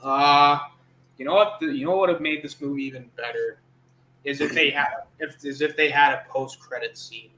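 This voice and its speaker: A man's voice: fairly high pitch, fairly even intonation, moderate pace, pushed and bright, reverberant, low-quality recording. A man reviewing a film in casual chat, recapping it sarcastically. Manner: sarcastic recapping with mocking character voices.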